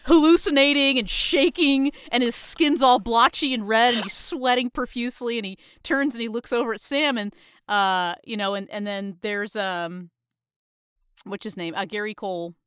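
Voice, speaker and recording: A woman co-hosts a casual podcast chat, her voice smooth and clear. She retells movie scenes with frequent laughs, recorded close and dry. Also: on the high side, normal speed, fairly bright tone, dry recording. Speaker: podcast co-host.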